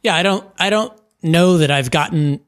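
A man co-hosting a podcast in casual chat, thoughtful and measured, with frequent ums. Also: fairly high pitch, a bit bright, dry recording, clean studio sound. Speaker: podcast co-host.

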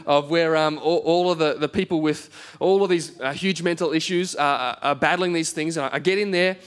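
A man's voice: fairly high pitch, a little fast, clean tone. A man, a pastor preaching a conversational sermon in church and telling a story with self-deprecating humor. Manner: conversational, self-deprecating, acts out quoted voices.

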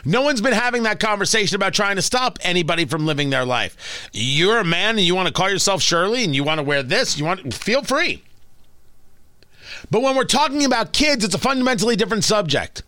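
A man hosts a talk radio show with a high voice that swoops and leaps across its range. His tone is bright and forceful, his delivery emphatic and heated. The sound is dry and close, straight from a studio mic. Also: expressive, a little fast, no room sound. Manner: emphatic, rising to heated exclamations. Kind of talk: opinionated talk radio monologue.

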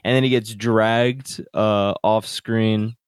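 Excitable laughing man, dry close mic. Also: on the low side, slow, clear, resonant tone, dry recording. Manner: excitable, laughs often, swears casually. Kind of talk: casual horror movie review chat. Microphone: computer microphone.

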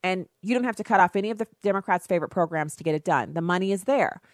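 A woman's voice: on the low side, rapid-fire, no room sound, studio quality. Sarcastic talk radio hostwoman. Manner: sarcastic, opinionated. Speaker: radio talk show host. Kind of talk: political talk radio monologue.

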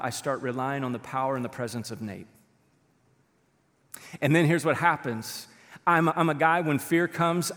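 A man preaching a sermon to his church in an animated, conversational way, acting out quotes as he goes. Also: on the high side. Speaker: pastor. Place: church auditorium. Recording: live church sermon with long hall reverb.

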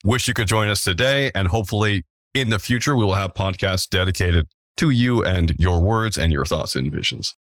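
A man's voice: sits low, normal speed, a bit bright, no echo, clean studio sound. A man hosting a casual podcast, talking in a playful, jokey, upbeat way. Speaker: podcast host.

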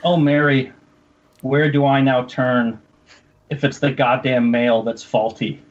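A male podcast co-host with a mid-range voice reads a silly poem with mock seriousness, speaking slowly in a level tone until he breaks into giggles. It's casual chat captured on dull-sounding audio with slight background noise.

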